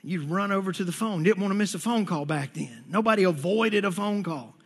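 A man's voice: sits high, lively intonation, fairly quick, husky. A middle-aged man preaching a sermon as pastor, telling stories with stammered restarts and acting out the quotes. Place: church sanctuary. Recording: long reverb of a church hall.

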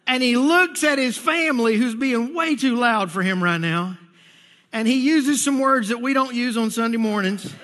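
High, bright-voiced pastor in a reverberant hall. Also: male voice, normal speed. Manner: storytelling with stammered restarts and acted-out quotes. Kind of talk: sermon. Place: church sanctuary. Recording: long reverb of a church hall.

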